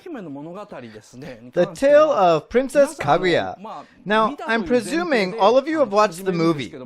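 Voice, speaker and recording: A man delivering an online lecture in a chatty way, quizzing his audience and reading their comments aloud. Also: high-pitched.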